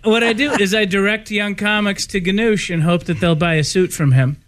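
A man's voice: high voice, fairly quick. A middle-aged man, a guest comedian, telling stories in a radio studio, chuckling as he goes. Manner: lively storytelling with chuckles.

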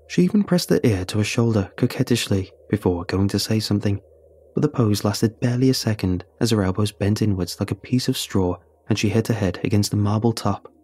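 A man narrating a first-person horror story in a steady, measured way. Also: lowish voice, no echo.

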